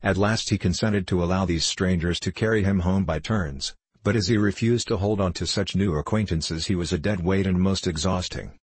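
A man narrating a children's storybook as an audiobook, in a steady reading manner. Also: low-pitched, normal speed, few pauses, husky, dry recording.

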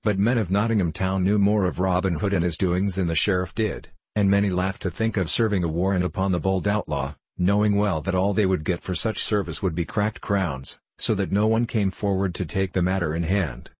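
A man reading a storybook aloud in a measured, even manner. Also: low voice, breathy edge, no room sound. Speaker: audiobook narrator.

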